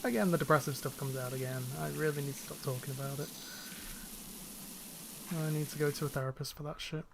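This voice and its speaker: Young guy from the northwest, bit higher voice, rambly gaming chat with lots of ums, slight hiss behind. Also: fairly quick, creaky, long pauses. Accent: faint northern English, fairly neutral. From northwest England. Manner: chatty, rambling, many fillers and restarts. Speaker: gaming channel host.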